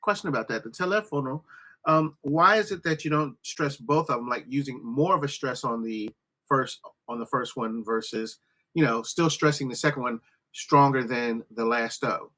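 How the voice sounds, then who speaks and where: A man's voice: medium pitch, normal speed, pushed and bright. A man attending as a student, asking a hesitant question about a rule.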